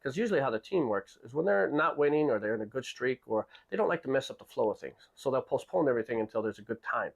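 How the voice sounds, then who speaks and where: Animated man telling a story. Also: mid-range voice, fast talker, gravelly, hardly any pauses. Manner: animated, acts out quoted people with raised voice; restarts and repeats words often. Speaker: podcast host. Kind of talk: casual storytelling.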